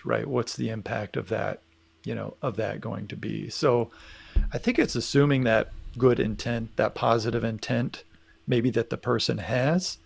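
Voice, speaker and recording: A man's voice: mid-range voice, a little slow, vocal fry, slightly rough. A man co-hosting a live talk show, speaking thoughtfully and often checking in with "right?". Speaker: podcast co-host. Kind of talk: casual live discussion.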